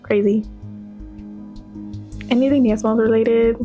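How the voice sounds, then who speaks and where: A woman's voice: on the high side, steady tone, slow, dull audio, faint music behind. A young woman in her twenties chatting casually as she reacts to clips, gushing and full of slang. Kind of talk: casual chat.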